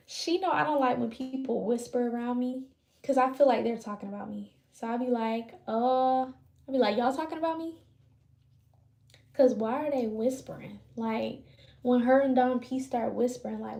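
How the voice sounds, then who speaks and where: A woman with a fairly high, gravelly voice chats loosely with her viewers while braiding her hair. She speaks in a relaxed, rambling way. The room gives her voice a roomy echo. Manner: loose, chatty, talks to viewers. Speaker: livestream host.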